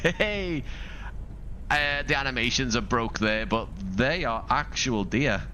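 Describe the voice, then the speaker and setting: This Liverpool man speaks with a Scouse accent in a medium-pitched, pushed, bright voice at normal speed, with a little hiss or hum behind it. He rambles casually during a flight-simulator live stream, thinking aloud and making asides to viewers.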